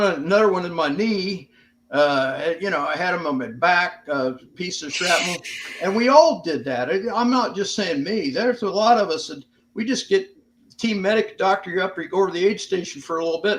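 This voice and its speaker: An older American man with a high-sitting voice, a veteran guest on an interview podcast, tells stories in a casual, plainspoken way and swears now and then. There is noise in the background.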